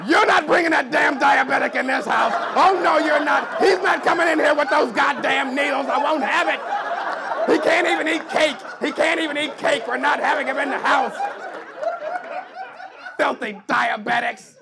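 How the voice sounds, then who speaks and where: High-voiced shouting stand-up comic. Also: male voice, moderate pace, creaky, very noisy. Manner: animated, shouting acted-out quotes. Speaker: stand-up comedian. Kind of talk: stand-up comedy set. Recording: live club with crowd laughter.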